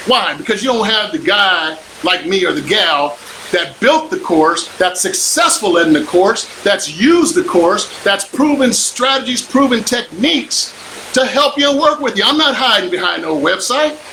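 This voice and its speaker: Emphatic older man, bright, high voice. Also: expressive, measured pace, a little hiss or hum, low-quality recording. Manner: preachy, emphatic, repeats lines for effect. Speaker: real estate investor and coach. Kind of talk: motivational live stream pitch.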